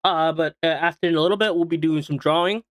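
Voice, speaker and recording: A man's voice: on the high side, fairly even intonation, quick pace, dry recording. A man streaming and chatting casually while eating, rambling with lots of fillers and restarts. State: hiccuping.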